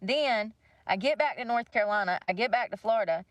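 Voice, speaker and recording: A woman's voice: on the high side, lively intonation, brisk, no echo. A young woman venting bluntly to livestream viewers, swearing freely. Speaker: livestream host. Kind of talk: casual rant to viewers.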